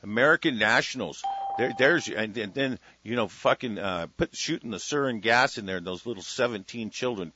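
A man hosting a solo talk radio show, ranting with heavy profanity, dropping from muttered asides to loud declarations. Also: fairly low pitch, dry recording. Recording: lo-fi radio broadcast sound.

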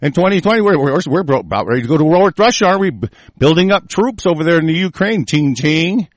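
A man's voice: fairly high pitch, very animated, fast, dry recording. A man reading news aloud and breaking into furious, profane political rants. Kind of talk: angry ranting commentary.

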